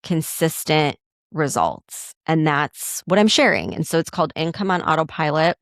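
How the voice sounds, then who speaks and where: A middle-aged woman hosting a podcast, telling a story casually and acting out quotes in a raised, animated voice. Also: sits low, moderate pace, dry recording, studio quality. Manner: animated, acts out quotes in a raised voice, many likes. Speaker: podcast host.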